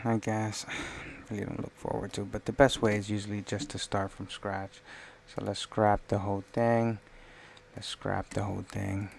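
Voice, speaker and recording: Man, low flat voice, casual live-stream talk, rambling, faint background noise. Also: creaky. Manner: thinks aloud, rambling, self-correcting. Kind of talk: casual live-stream commentary while designing.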